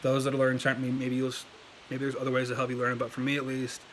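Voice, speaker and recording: A man's voice: medium pitch, monotone, quick pace, a little hiss or hum. A man giving a casual language lesson on camera, talking loosely with lots of fillers and restarts. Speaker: language learning video host. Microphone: desk setup, moves around in his chair.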